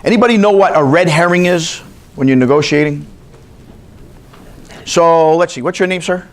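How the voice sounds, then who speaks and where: This man's voice is slightly high and moves at normal speed. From New York, he leads a continuing education class, telling chatty stories and testing his listeners with questions.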